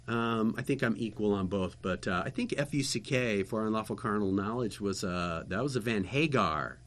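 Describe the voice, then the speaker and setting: Rambling, animated male storyteller. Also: fairly low pitch, moderate pace. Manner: rambling, animated anecdotes with many fillers and restarts. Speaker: guest telling stories, former local TV interviewer. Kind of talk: casual storytelling chat.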